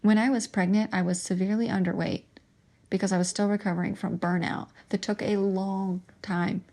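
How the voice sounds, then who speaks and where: Young woman, gravelly voice, halting emotional monologue. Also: mid-range voice, steady tone, dark tone. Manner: emotional, halting, with restarts and pauses. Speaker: podcast host sharing her testimony. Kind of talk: personal testimony monologue.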